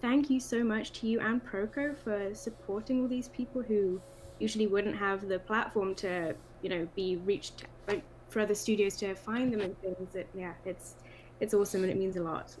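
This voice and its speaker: A woman's voice: mid-range voice, fairly even intonation, moderate pace, a little mellow, a little hiss or hum, poor audio. A young woman, an art student guest, chatting in a friendly and slightly shy way on a call. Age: young adult. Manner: friendly, a bit shy, laughs often. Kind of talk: casual video call chat.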